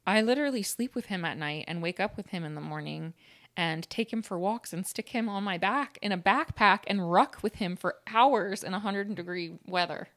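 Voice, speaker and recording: A woman co-hosting a podcast in casual chat, playful and quick to laugh, speaking into a podcast mic. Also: mid-range voice, fairly bright tone. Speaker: podcast co-host. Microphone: podcast microphone.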